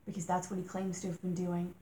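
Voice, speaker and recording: A woman's voice: on the low side, monotone, fast talker, dark tone, slight background noise. Podcast host woman, impassioned and rambling. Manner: rambling, exasperated, rhetorical questions. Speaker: true-crime podcast host. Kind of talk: casual podcast narration.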